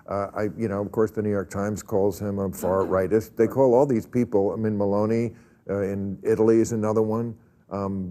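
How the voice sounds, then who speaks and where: A man hosts a talk show in casual conversation with a guest. His voice sits fairly low. He talks wryly and drops quips between points. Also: warm tone. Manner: wry, quipping, chuckles often.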